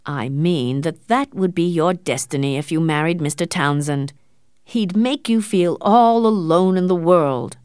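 A woman's voice: on the low side, unhurried, smooth, dry recording, clean studio sound, natural voice. A woman doing a stern, cold older doctor father. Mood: cold, quiet. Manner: quiet, controlled, hard.

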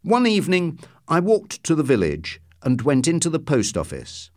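A man reading a story aloud as narrator, in a steady, measured storytelling voice. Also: on the high side, dry recording, clean studio sound. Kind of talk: scripted audiobook narration.

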